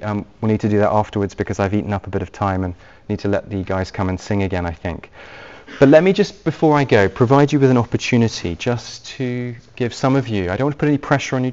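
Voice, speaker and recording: A man preaching an evangelistic sermon, speaking earnestly and gently as he leads into a quiet prayer. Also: lowish voice. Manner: earnest and gentle, softly paced appeals. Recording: dull lo-fi recording.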